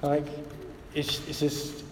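A man's voice: a little high, monotone, slow, noisy background. Male pastor, chatty sermon delivery, recorded from afar in a reverberant hall. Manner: conversational preaching, many fillers like "like" and "right?". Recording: echoey hall, mic at a distance.

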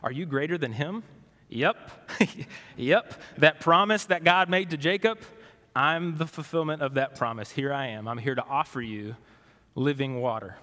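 A man preaching a sermon as pastor, conversational and questioning, moving between animated and hushed delivery. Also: mid-range voice, a little slow, long reverb tail.

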